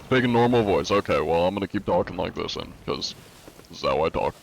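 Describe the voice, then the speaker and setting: Laid-back low-voiced man streaming. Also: animated, quick pace, gravelly, slight background noise. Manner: laid-back, reads chat aloud and answers it; frequent "uh" fillers. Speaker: game streamer. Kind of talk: casual live-stream chat.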